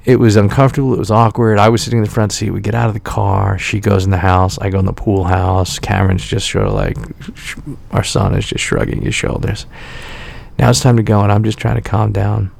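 Gravelly low-voiced man telling a story. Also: little pitch movement, a little fast, darkish tone. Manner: candid and self-critical, acting out quoted exchanges. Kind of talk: casual personal storytelling.

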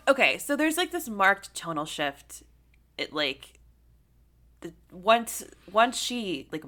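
A young woman co-hosting a casual talk about a film, her voice sitting low yet sounding bright and forceful. She rambles in an animated way, filling gaps with "like" and the odd curse. The tone is loose and conversational. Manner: animated, heavy on "like" fillers, swears freely. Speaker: podcast co-host.

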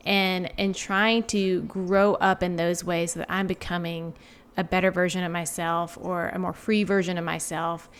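A woman's voice: on the low side, level tone, moderate pace, smooth. A woman in her forties, a guest author, talking reflectively in a casual interview with many filler words.

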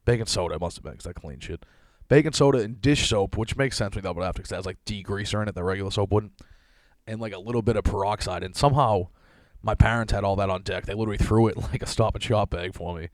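A man's voice: lowish voice, quick pace, no room sound. A man in his thirties hosting a casual solo podcast, telling a rambling, self-deprecating story full of swearing and frequent laughs. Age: 30s. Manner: laughs often while telling stories. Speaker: podcast host.

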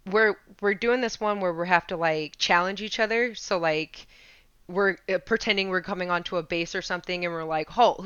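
Woman telling a story, bright crisp voice, dry kinda lo-fi sound, casual and laughing. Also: on the low side, no echo. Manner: animated, laughing, slangy storytelling. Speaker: podcast co-host, Air Force veteran.

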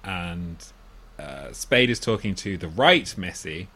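Talking slowly but with lively intonation, a male co-host discusses a comedy film in a relaxed chat. Amused and frequently laughing, he performs quoted lines in loud, squeaky voices.

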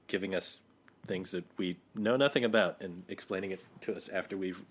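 Low-voiced man, hesitant and laid-back. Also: a little fast, a little hiss or hum. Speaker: podcast co-host. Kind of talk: casual chat.

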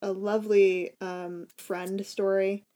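A woman's voice: mid-range voice, little pitch movement, slow, mellow. A young woman co-hosting a podcast in casual chat, with wry and blunt jokes. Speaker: podcast co-host.

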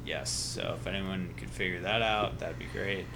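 A man's voice: deep voice, normal speed, vocal fry, bright, forceful tone, slight background noise. A man from Iowa co-hosting a casual sports podcast, laid-back and dryly teasing his co-host. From Iowa, USA.

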